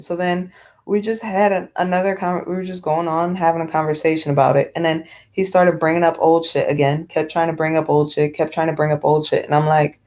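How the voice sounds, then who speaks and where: A woman with a slightly low voice rants on her vlog in a blunt, unfiltered way. She swears freely and rambles with lots of fillers and restarts. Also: a little mellow. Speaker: vlogger. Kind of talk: casual vlog rant.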